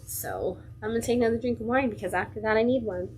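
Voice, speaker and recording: A woman's voice: a little high, fast, a little mellow. Chatty woman hosting a comic livestream. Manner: enthusiastic, gushing, chatty with many fillers. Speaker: comic shop livestream host. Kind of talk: casual livestream review. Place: comic shop.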